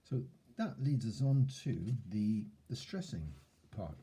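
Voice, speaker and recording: A man giving a relaxed self-help lesson, thoughtfully recapping points and demonstrating tones of voice. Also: on the low side, takes it slowly, a little hiss or hum. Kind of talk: relaxed instructional talk.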